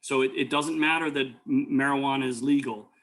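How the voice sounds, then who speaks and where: Teaching an EMT course, this man tells looping stories riddled with fillers and do-overs. His medium-pitched voice stays fairly even in intonation, moves at a brisk clip, and has a fairly bright tone.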